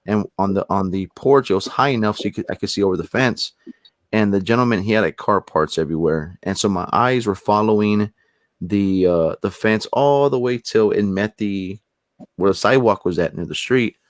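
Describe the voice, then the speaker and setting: A man with a low voice tells a story in a loose, rambling way, doubling up words as he goes. He speaks as a guest paranormal investigator. The sound is dry and close, with no room around it. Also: normal speed, no room sound. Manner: rambling, repeats words when building up a story. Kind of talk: casual storytelling in conversation.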